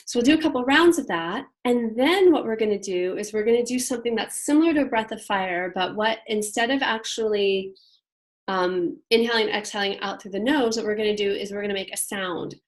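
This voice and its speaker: A woman's voice: medium pitch, brisk. A woman leading a women's leadership class in a casual, chatty way, with many fillers, and demonstrating breathing exercises aloud. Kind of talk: guiding a group class.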